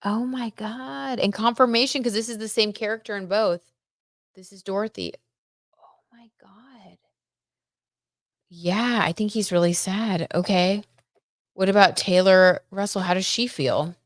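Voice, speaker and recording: Chatting and giggling with her viewers, a young adult tarot reader runs a laid-back livestream full of gossip. She speaks at normal speed in a mid-range voice with fairly even intonation, captured in clean studio sound with no room sound.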